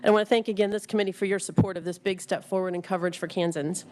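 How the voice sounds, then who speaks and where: Fast-talking woman testifying at a hearing. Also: fairly low pitch, fairly even intonation, darkish tone. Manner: rushed, with frequent ums and restarts. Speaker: executive director testifying to a legislative committee. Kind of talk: formal committee testimony.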